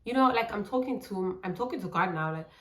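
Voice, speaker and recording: A South African YouTuber tells a personal story for her vlog, her medium-pitched voice moving fast and carrying reverb. She is animated, acting out the lines she and other people said.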